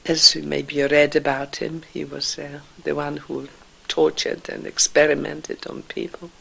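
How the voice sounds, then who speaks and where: Older woman, slow halting testimony, gravelly fry, breathy whispers. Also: sits low, level tone, pushed and bright, rough recording. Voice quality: gravelly, husky voice. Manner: slow, emotional, halting delivery with whispered passages. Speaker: Holocaust survivor speaker. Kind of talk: personal testimony.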